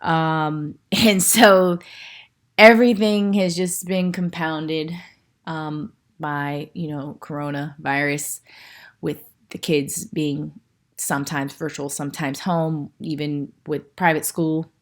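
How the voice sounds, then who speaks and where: A young woman talks to her camera in a casual, chatty update, slightly out of breath and pausing often on fillers. Her voice sits a little low, and she takes her time. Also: fairly even intonation. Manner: chatty, with many fillers and restarts. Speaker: vlogger, working mother in law school.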